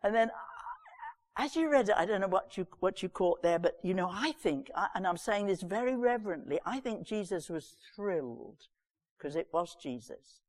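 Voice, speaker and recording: A woman giving a sermon, reading scripture and retelling it with lively, chatty asides. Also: medium pitch, moderate pace. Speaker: preacher. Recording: long reverb of a large hall.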